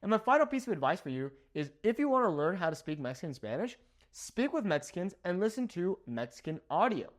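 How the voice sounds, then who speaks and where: A man's voice: sits high, very animated, brisk. A young man from Southern California, a native English speaker, giving a language lesson and checking in with "okay?" after nearly every point. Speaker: Spanish teacher.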